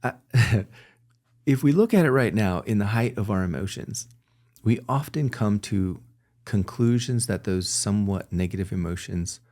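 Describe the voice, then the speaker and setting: Being interviewed, this man talks at a moderate pace in a fairly low, darkish voice. His manner is earnest and reflective; he's candid, frequently self-corrects, and restarts his sentences with small laughs.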